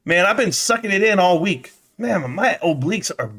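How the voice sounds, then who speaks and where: Man, middle-aged, live stream host, joking trash talk, winded, slightly high voice. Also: animated, moderate pace, few pauses, a bit bright. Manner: brash, joking, trash-talking. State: out of breath. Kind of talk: casual live stream chat.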